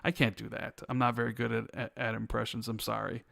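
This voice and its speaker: A man's voice: medium pitch, flat delivery, fairly quick, gravelly, fairly bright tone, dry recording, studio quality. A man with a Chicago accent co-hosting a casual podcast, rambling and reading viewer questions aloud. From Chicago, USA. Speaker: podcast co-host.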